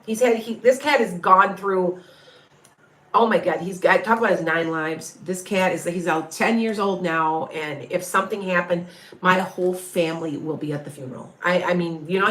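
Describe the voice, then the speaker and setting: A woman's voice: fairly low pitch, moderate pace, a bit bright. Chatty woman medium in an echoey room. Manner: chatty, rambling, often breaks off mid-sentence. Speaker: psychic medium. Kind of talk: casual live reading and Q&A.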